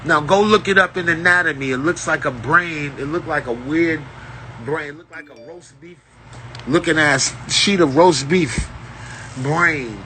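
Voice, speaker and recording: Profane, preachy man with a bright voice. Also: a little high, a little slow, a little hiss or hum, rough recording. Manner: profane, preachy, lecturing in street slang. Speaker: self-styled spiritual teacher. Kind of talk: unscripted spiritual rant to camera.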